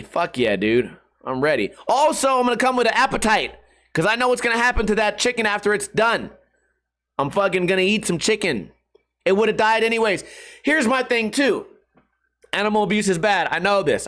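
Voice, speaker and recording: A man's voice: high voice, fairly bright tone. A man, hosting a casual comedic podcast monologue, rambling and full of profanity. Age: 30s. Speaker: podcast host.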